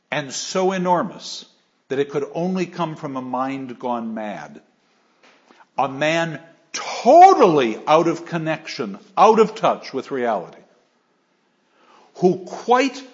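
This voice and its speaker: A male literature lecturer speaks with emphatic enthusiasm and often restarts his phrases. His voice sits a bit high and moves in lively swings. The recording is slightly dull and lo-fi. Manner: animated, emphatic, with frequent restarts.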